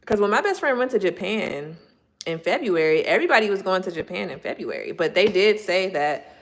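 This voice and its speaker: A woman's voice: medium pitch, expressive, brisk, rough recording. A woman chatting casually with her viewers from her home kitchen, laughing often and acting out quotes as she talks. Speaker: livestream host chatting with viewers. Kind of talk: casual chat.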